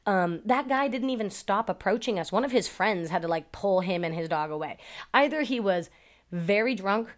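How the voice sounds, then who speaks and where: A woman's voice: medium pitch, animated, moderate pace. A woman dog trainer telling stories in a casual podcast chat, swearing freely and filling her speech with "like" and "um". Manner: profane, chatty storytelling with many fillers.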